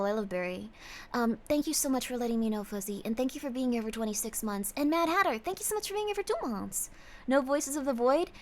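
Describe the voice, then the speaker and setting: A woman streamer chatting casually on a livestream, bubbly and effusive, gushing praise to her viewers. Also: high-pitched.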